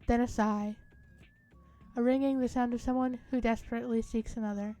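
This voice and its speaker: Higher-voiced woman reading game narration. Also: steady tone, fairly quick, mellow. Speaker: co-host reading a visual novel aloud. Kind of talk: reading game text aloud in a casual let's-play.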